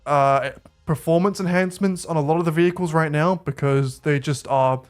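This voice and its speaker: A man giving relaxed, chatty commentary over gameplay as a YouTuber. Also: fairly high pitch, moderate pace, faint music behind. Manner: relaxed, chatty, rates cars offhandedly. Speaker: gaming YouTuber.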